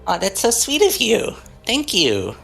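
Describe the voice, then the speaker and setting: A woman's voice: mid-range voice, huge pitch swings, a little slow, creaky, fairly bright tone, soft background music. A woman playing a tabletop game, speaking casually and hesitantly with many fillers. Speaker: player.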